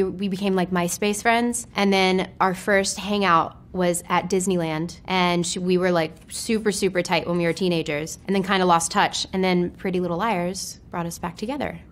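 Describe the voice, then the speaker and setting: A woman's voice: lowish voice, fairly bright tone. Chatty young woman, neutral American accent. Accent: neutral American, faint Southern. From Memphis, Tennessee, US. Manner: chatty, self-deprecating, laughs often. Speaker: actress answering web search questions. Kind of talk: casual chat.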